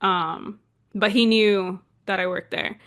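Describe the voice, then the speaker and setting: A woman in her twenties from Southern California, co-hosting a podcast and telling a story in a casual, animated way, full of "like" fillers. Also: medium pitch, slow pace. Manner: animated, chatty, heavy use of "like" fillers. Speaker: podcast co-host.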